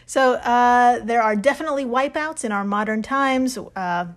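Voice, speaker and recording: A woman's voice: a little high, moderate pace. A young woman co-hosting a podcast, chatting casually, laughing often and swearing casually. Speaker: podcast co-host. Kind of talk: casual chat.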